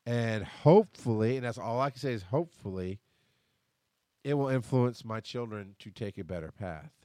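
A man's voice: mid-range voice, lively intonation, moderate pace, dark tone, no room sound, clean studio sound. A man in his thirties hosting a podcast, talking bluntly and rambling through a casual personal monologue, swearing freely. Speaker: podcast host. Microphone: headphones and desk mic.

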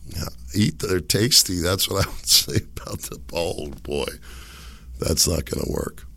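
A middle-aged man hosting a casual solo podcast from a home setup, rambling and laughing at his own jokes, his voice hoarse from being sick. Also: low-pitched, unhurried, bright, forceful tone. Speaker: podcast host. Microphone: desk microphone.

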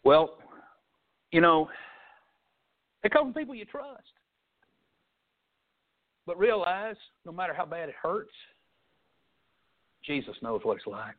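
Folksy preacher on a tinny line. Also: male voice, on the high side, big pitch swings, slow, long pauses. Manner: folksy storytelling preacher, swings loud and soft. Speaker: pastor. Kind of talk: sermon. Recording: tinny phone-like sound.

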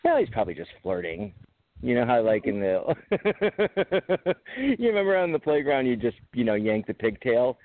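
A man's voice: medium pitch, big pitch swings, normal speed. A man co-hosting a podcast, chatting casually in a rambling, joking way and laughing often. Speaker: podcast co-host. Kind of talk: casual chat. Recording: phone-like call audio.

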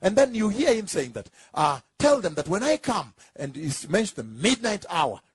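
Man, preacher, sermon, husky, high voice, emphatic, repeats phrases, dry sound. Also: very animated, no echo. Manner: emphatic and repetitive, rising into drawn-out shouts; asks the congregation for confirmation.

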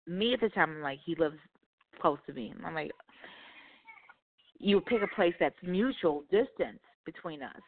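A woman's voice: low-pitched, slight background noise. A woman telling a dating story on talk radio, profane and exasperated. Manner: profane, exasperated, animated retelling. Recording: phone-line call.

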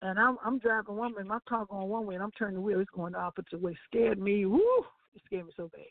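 A woman telling a lively testimony on a gospel talk show, quoting people as she goes. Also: medium pitch, fast talker, dry recording. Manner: animated storytelling with laughs and acted-out quotes. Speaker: gospel radio co-host. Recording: dry, tinny phone-line sound.

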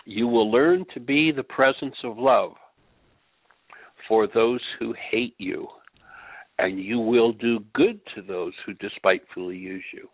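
Husky, gravelly man, measured earnest teacher, phone-quality line. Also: mid-range voice, no room sound. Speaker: radio show host and healing teacher. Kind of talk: spoken teaching with a told story.

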